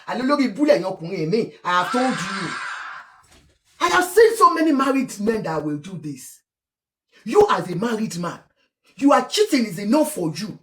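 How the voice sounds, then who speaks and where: A woman's voice: medium pitch, normal speed. Scolding Nigerian woman in an echoey room. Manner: animated and scolding, switching into Yoruba and Pidgin. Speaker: gossip commentator. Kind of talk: casual commentary vlog.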